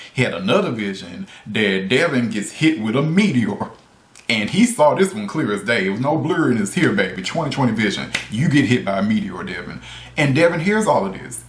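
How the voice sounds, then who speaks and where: A man giving a casual, ranting video review, incredulous and exasperated, repeating himself, cursing and laughing. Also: mid-range voice. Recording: roomy echo.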